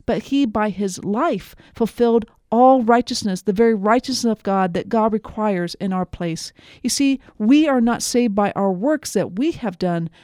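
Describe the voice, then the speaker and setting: A woman preaching a devotional sermon, earnest and emphatic, slowing down on key phrases. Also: mid-range voice, warm tone, dry recording, clean studio sound.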